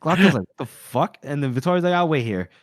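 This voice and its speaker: A man co-hosting a podcast, chatting loosely about a book and retelling scenes with quick snatches of character voices. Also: fairly high pitch, animated, dry recording, studio quality. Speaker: podcast co-host. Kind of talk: casual book discussion.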